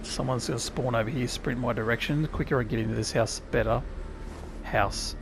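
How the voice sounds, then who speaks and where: An Australian man talks casually through his gameplay in a mid-range voice, wry and self-mocking as he thinks out loud. Game ambience sits clearly behind him. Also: mid-range voice, fairly even intonation, brisk. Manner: chatty, wry, talks to himself while playing. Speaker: gaming YouTuber. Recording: clear background game noise.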